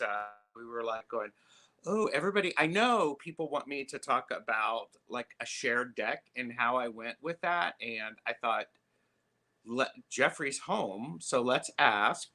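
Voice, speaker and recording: A man hosting a live tarot stream, chatting casually with lots of fillers and pauses. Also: mid-range voice, bright, forceful tone. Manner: chatty, halting, many fillers.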